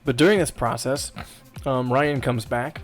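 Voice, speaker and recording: A man's voice: mid-range voice, measured pace, soft background music. A man co-hosting a podcast, telling a story in a casual, profane way and laughing as he goes. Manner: profane, laughing storyteller doing friends' voices. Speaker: podcast co-host.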